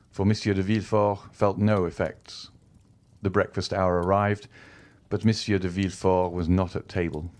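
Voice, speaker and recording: Deep-voiced male audiobook narrator. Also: darkish tone. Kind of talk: scripted narration of a classic novel.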